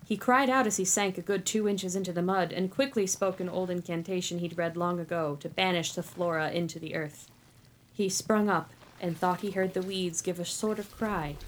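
Woman storyteller, low voice, calm steady reading, fantasy tale. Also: moderate pace, slight background noise. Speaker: narrator. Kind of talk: storytelling narration.

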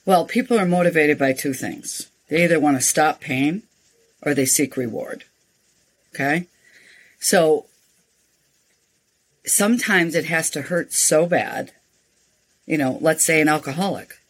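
An older woman, a nonprofit founder, speaking as an interview guest and telling frank, animated stories. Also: deep voice, unhurried, long pauses. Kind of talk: interview storytelling.

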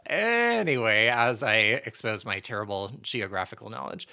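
A man's voice: on the low side, very animated, moderate pace, creaky, pushed and bright. A man co-hosting a podcast, chatting casually in a playful, self-deprecating way and laughing often. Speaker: podcast co-host. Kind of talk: casual chat.

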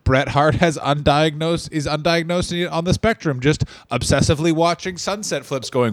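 A man's voice: on the high side, normal speed, few pauses, dry recording. A man co-hosting a comedy podcast, riffing crude jokes in casual chat. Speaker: podcast co-host.

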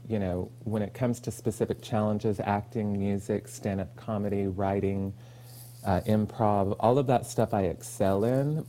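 Guy from oklahoma chatting on a podcast, lowish warm voice, acts out what people said. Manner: animated storyteller, acts out quoted lines, laughs easily. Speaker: podcast guest, actor. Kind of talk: casual interview chat.

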